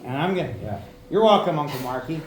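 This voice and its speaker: A man telling a stand-up story in a loose, profane, chatty way, throwing in "right?" again and again. His voice is fairly high. The room rings and there is a faint hum behind him. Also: sing-song, fast. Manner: conversational, profane, keeps asking "right?". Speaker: stand-up comedian. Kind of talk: stand-up set. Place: comedy club. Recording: echoey club room.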